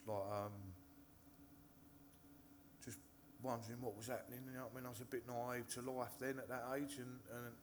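A man from Hertfordshire tells his recovery story to a live audience from a meeting-hall stage as personal testimony, nervous and swearing often, with frequent restarts. His mid-range voice has little pitch movement and a moderate pace, he pauses often, and there's background noise.

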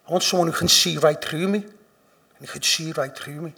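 A man with a Liverpool accent giving a personal recovery testimony, blunt and profane, dropping to a hush and then rising loud with laughter. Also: a little high, normal speed, creaky, slightly rough. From Liverpool, England. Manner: blunt and profane, swinging from hushed confession to loud laughing emphasis. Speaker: speaker sharing at a recovery meeting.

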